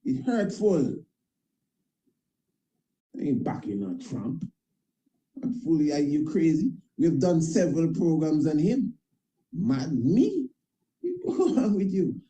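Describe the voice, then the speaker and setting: On a low-quality recording, a priest and internet show host gives an impassioned monologue in a slightly high, dark voice with huge pitch swings. He speaks slowly with long pauses, emphatic and repetitive, using loose grammar and frequent tag questions.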